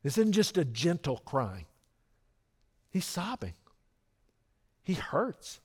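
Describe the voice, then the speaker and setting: A middle-aged man preaching a sermon as pastor, earnest and lively, with frequent restarts. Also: on the high side, takes it slowly, breathy edge.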